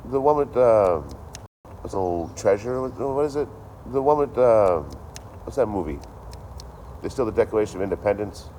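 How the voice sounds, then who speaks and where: A man telling a profane story in a casual, animated rant, often repeating himself. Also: lowish voice, moderate pace, long pauses, slight background noise. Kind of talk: casual ranting monologue.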